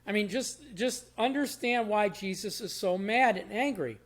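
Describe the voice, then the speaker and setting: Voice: medium pitch, normal speed. A Bible teacher giving a short devotional in a casual, conversational way, explaining verses in everyday words and often restarting phrases. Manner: repeats and restarts phrases while thinking aloud.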